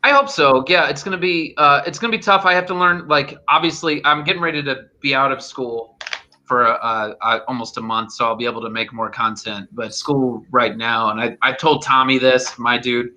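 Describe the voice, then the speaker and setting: A man's voice: medium pitch, steady tone, moderate pace, sharp tone. A young adult man, a student who makes online videos, talking loosely with plenty of fillers on a video call panel. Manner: loose, filler-heavy talk. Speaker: student content creator. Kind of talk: casual livestream panel chat.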